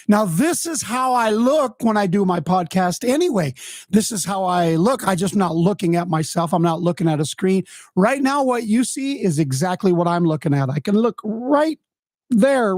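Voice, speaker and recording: A man with a high, slightly mellow voice hosts a casual, unscripted live stream from his home studio for his music podcast, headphones on and speaking into a desk mic. He rambles, chats and pokes fun at himself. There's no room sound.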